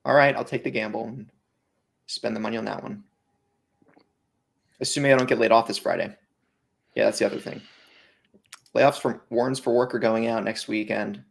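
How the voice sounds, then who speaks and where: Man, gravelly voice, teasing banter, casual podcast co-host. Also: fairly low pitch, steady tone, moderate pace, long pauses.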